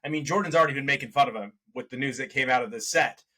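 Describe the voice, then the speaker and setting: A man co-hosting a casual movie review podcast, rambling and animated as he works through his opinions, often correcting himself mid-sentence. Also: mid-range voice, very fast. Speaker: podcast co-host.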